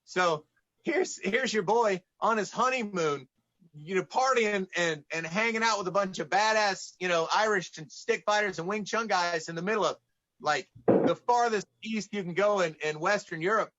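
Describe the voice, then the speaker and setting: Speaking at an ordinary pace, this Atlanta-born podcast guest spins lively tales in conversation, his voice high and bright. He performs the lines of the characters he describes, while the recording sounds slightly muffled and dull.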